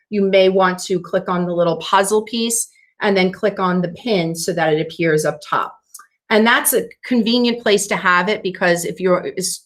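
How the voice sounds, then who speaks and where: A woman leading a teacher training over a video call, walking through software steps casually, and she says she is losing her voice. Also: fairly low pitch. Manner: explains steps casually with fillers. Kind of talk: screen-share training session.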